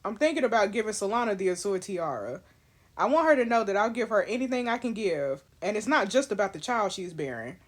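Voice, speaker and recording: A woman voicing a steady, formal adult male king in a story game, reading his lines in a measured way. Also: medium pitch, close to an everyday voice. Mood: calm, formal.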